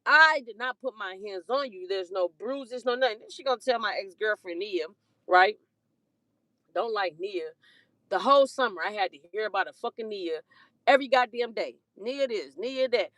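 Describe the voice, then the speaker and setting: A woman with a fairly high voice rants through a story, heated and profane, breaking into laughter. The sound is dry and close, with no room echo. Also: normal speed, fairly bright tone. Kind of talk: casual storytime rant.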